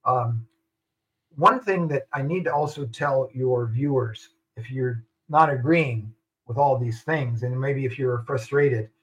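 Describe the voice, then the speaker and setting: A man's voice: mid-range voice, unhurried, highs cut off. An older man, a retired army general, speaking as a guest in a radio interview, making his points firmly and repeating them for stress.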